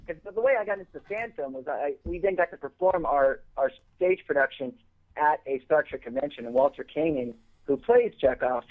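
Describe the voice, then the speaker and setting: A man, a guest actor on the show, chatting casually and rambling with lots of restarts. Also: mid-range voice. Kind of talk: casual chat. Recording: phone-line audio.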